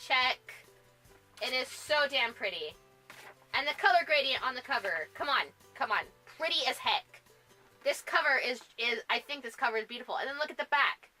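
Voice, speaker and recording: A woman's voice: high voice, animated, moderate pace, pushed and bright, faint music behind, rough recording. A woman presenting a casual book review vlog, bubbly and gushing, laughing often as she talks. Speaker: book vlogger.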